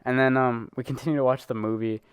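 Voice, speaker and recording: A teenage boy co-hosting a podcast tells a long, rambling story in casual chat, packed with fillers and laughter. His medium-pitched voice is clear and resonant with a steady tone, he talks fast, and there's no echo.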